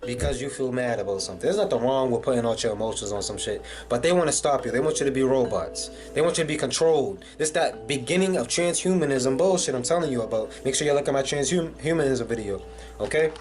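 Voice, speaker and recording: A man's voice: medium pitch, fast talker. A man ranting casually in a video commentary, swearing and using many fillers. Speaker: vlogger. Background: music.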